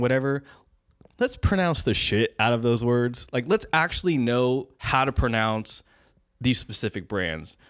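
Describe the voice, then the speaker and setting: A man's voice: mid-range voice, smooth, no echo. Rambling casual young man, dry sound. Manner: rambling, loose and profane, searches for words. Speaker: podcast co-host. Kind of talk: casual chat.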